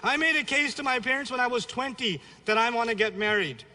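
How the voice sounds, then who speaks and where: Man giving a religious lecture, high bright voice, blunt and joking, long hall reverb. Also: a little fast, a little hiss or hum. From Pakistani family, raised in New York City. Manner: blunt, humorous, exhorting. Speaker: Islamic lecturer.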